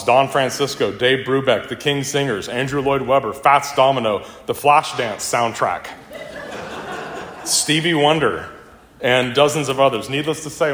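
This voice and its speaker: A middle-aged man, a son, delivering a funeral eulogy for his father and telling family stories in a reflective way. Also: medium pitch. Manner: reflective storytelling, with warm anecdotes. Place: church in a large hall. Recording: echoey church hall.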